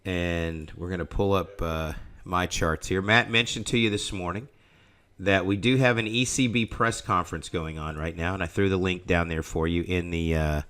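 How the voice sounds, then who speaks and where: A man's voice: deep voice, normal speed, a bit bright. A man hosting a live trading session, talking casually and rambling, often restarting his sentences. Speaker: trading room host. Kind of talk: casual live market commentary.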